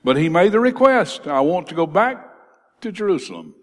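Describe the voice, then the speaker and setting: A man preaching a sermon in a church, lifting his voice on scripture quotes and dropping low on key words. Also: big pitch swings, moderate pace. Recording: reverberant hall.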